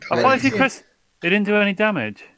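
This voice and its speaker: A man's voice: high-pitched, sing-song, fast talker, crowd noise. A man playing in a tabletop game, talking casually and asking questions as he goes. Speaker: player.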